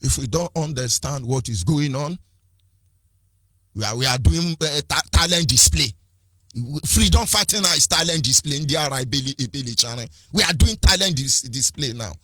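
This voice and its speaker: A man's voice: medium pitch, animated, moderate pace, sharp tone, breathy edge, no echo, studio quality. A Nigerian man with a Nigerian accent giving an impassioned political address, firing rhetorical questions, repeating phrases and switching between languages. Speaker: activist speaker.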